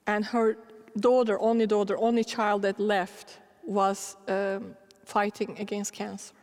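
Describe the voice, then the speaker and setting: A middle-aged woman preacher telling animated, laughing stories in a sermon. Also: mid-range voice, unhurried. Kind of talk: storytelling sermon. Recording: long hall reverb.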